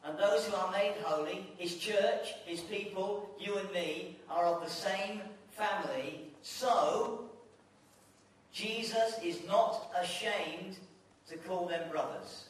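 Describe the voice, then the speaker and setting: A man delivers a sermon with impassioned repetition and restarts. His voice sits high. He is heard from a distance in a strongly echoing hall. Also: slow, a little hiss or hum. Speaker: visiting preacher. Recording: echoey hall, distant mic.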